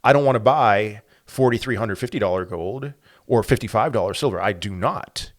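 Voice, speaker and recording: A man hosting a crypto channel, giving animated, conversational market commentary full of rhetorical questions. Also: lowish voice, moderate pace.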